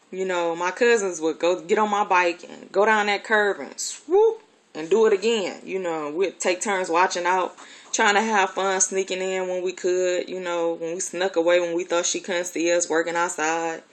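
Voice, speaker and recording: A grown woman telling a personal childhood story in a casual, rambling way, candid and profane with many fillers. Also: lowish voice. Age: adult.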